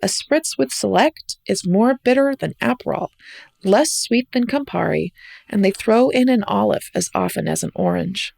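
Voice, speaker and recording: A woman's voice: mid-range voice, animated, moderate pace, gravelly, darkish tone, dry recording. A woman hosting a podcast, reading her own personal travel essay aloud in a wry, reflective way with an American accent. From United States. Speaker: podcast host and essay narrator.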